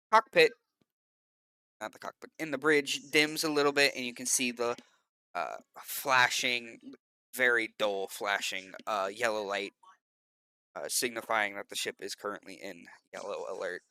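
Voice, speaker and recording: Bright-voiced man running the game. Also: mid-range voice, a little slow, smooth, no echo. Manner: hesitant, many filler ums. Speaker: game master. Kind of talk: narrating a tabletop game.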